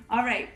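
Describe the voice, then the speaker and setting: A woman playing a tabletop game, talking in an excited, chatty way. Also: echoey room. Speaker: player.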